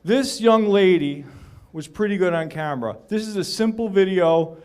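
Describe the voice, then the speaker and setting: A man's voice: sits high, expressive, normal speed, darkish tone, clear, resonant tone. A middle-aged man giving a casual, chatty talk to a meeting of videographers, full of anecdotes and small jokes. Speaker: real estate videographer presenting.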